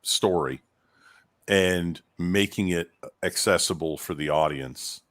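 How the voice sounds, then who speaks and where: A man's voice: deep voice, slow, a bit bright, no echo. A man talking in a casual chat as a podcast co-host, telling stories in a rambling way with many restarts.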